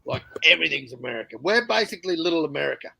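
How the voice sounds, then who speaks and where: A man's voice: a little high, animated, rapid-fire, creaky, sharp tone, slightly rough, no room sound, low-quality recording. A man with an Australian accent in casual chat, rambling and laid-back, swearing freely. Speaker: panel guest.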